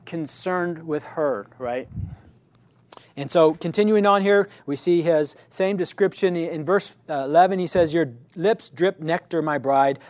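Man, Bible study teacher, conversational, checks in with listeners, self-corrects, fairly high voice, dry sound. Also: no room sound. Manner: conversational, keeps checking in with "right?".

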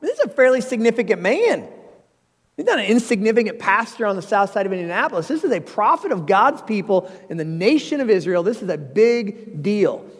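A man's voice: sits high, big pitch swings, brisk, husky. Earnest preaching man in a reverberant hall. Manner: earnest, personal storytelling with emphatic rises. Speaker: pastor. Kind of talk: sermon.

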